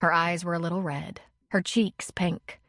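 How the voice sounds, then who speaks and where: A woman reading an audiobook in measured, expressive narration. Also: on the low side, no echo, clean studio sound. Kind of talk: scripted narration.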